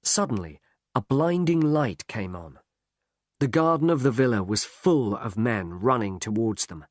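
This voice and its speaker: Slow, clear male story narrator. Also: medium pitch, expressive, no echo, clean studio sound. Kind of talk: scripted story narration for learners.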